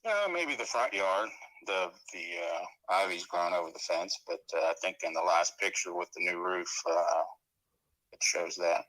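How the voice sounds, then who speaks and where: A man's voice: sits low, moderate pace, sharp tone. A man selling his house, answering a phone call in a curt, laid-back way. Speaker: home seller on a phone call.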